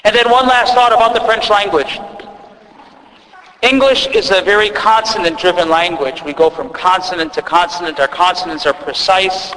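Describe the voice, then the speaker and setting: A man's voice: high-pitched, moderate pace, bright, forceful tone, big-room sound, low-quality recording. A man with an Upper Midwest accent preaching a sermon as a priest, in a conversational way with restarts and asides. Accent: Upper Midwest American. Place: church.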